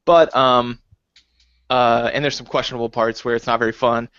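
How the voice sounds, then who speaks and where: A man co-hosting a casual podcast chat, talking lively and slipping into high, exaggerated quoted voices. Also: normal speed, clear, resonant tone, dry recording. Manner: animated, jumps into high acted quotes. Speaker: podcast co-host. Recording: dull dry lo-fi recording.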